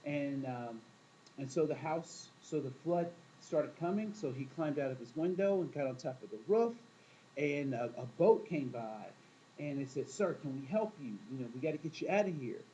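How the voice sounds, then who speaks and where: A man's voice: on the high side, normal speed, dark tone, highs cut off, slight background noise. A man teaching a class in a casual, storytelling way, often asking the room questions and acting out quoted voices. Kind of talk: classroom talk to students.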